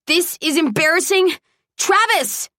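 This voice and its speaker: A woman doing a shrill, furious college girl. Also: lively intonation, unhurried, no echo, clean studio sound, full character voice. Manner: shrill, yelling protests.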